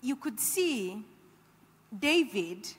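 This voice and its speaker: In an echoey church hall, a woman teaches on scripture, preaching earnestly and exhorting her listeners while repeating phrases for emphasis. Her voice is on the high side and slightly rough, with big pitch swings and drawn-out words.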